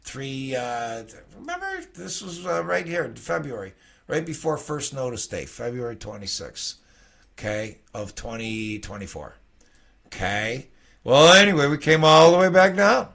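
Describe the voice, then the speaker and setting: A man's voice: medium pitch, big pitch swings, measured pace, vocal fry, fairly bright tone. A man casually walking through futures charts as a trading educator, rambling and checking in with "okay?" after nearly every point. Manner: rambling, conversational, peppered with "okay?".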